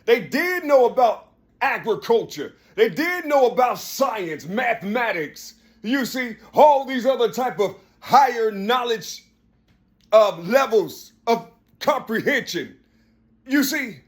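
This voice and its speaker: A man delivering an impassioned monologue, asking one rhetorical question after another and rising to a shout. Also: very high voice. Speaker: spoken-word speaker.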